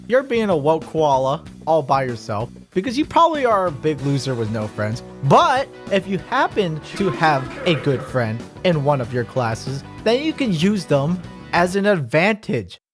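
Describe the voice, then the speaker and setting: A man giving a mock-instructional comedy monologue, sarcastic and deadpan at times, stammering repeated words, then bursting into animation. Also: a little high. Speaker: comedy vlogger.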